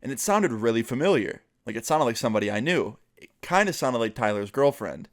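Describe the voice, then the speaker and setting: A man's voice: mid-range voice, sing-song, brisk. A young man vlogging a casual storytime, chatty and full of fillers, slipping into the voices of the friends he quotes.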